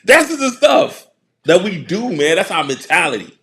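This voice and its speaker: Middle-aged guy hosting, casual joking rant, gravelly voice, kinda high, laughs a lot. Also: sing-song, moderate pace, fairly bright tone. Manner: joking, laughing often, mocking put-on voices. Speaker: show host. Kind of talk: casual commentary monologue.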